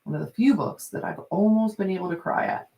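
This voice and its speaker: A woman's voice: a little fast, gravelly. A woman hosting a writing livestream, chatting casually as she reads out viewers' progress updates. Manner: animated, acts out quoted people with big pitch jumps.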